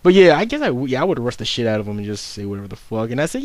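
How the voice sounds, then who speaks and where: A man's voice: mid-range voice, big pitch swings, racing, a little mellow. A young man giving casual unscripted video commentary, rambling and swearing, with frequent stumbles and restarts as he mocks himself.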